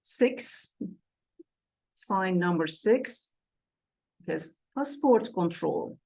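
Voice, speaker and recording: A woman teaching English vocabulary, repeating each word pair slowly and checking in with "okay" and "right". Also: mid-range voice, animated, gravelly, darkish tone. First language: Turkish. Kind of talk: slow classroom lesson explanation.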